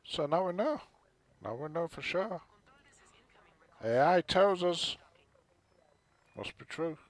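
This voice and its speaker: Chatty man with a gravelly, lively voice. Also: a little high, slow pace. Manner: muttering to himself, chatty asides. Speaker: gaming streamer. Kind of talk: casual gameplay commentary.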